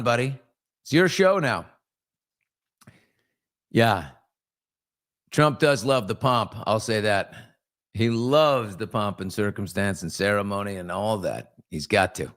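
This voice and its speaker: A man's voice: lowish voice, takes it slowly, pauses often, a bit bright. Guy hosting a loose live morning chat, jokey, rambly, talking to the crew. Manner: joking, rambling asides to crew. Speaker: host. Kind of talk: casual live talk show chat.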